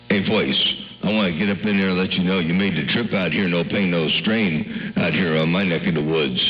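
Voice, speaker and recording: Very deep-voiced folksy male radio operator. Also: moderate pace, dull audio, slight background noise. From US West Coast. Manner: folksy, drawling, radio lingo. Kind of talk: casual CB radio chat.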